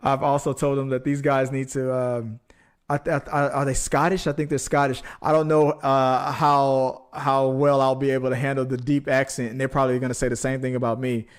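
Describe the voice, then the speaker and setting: A man's voice: medium pitch, level tone, brisk, smooth. A man co-hosting a movie podcast, chatting casually with many restarts and jokes. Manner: rambling, many restarts, jokey. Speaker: podcast co-host. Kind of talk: casual chat.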